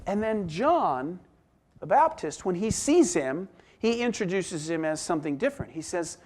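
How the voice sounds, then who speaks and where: A man preaching a sermon as pastor, reading scripture and explaining it, moving between emphatic exclamations and soft, hushed asides. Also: high voice, very animated, moderate pace.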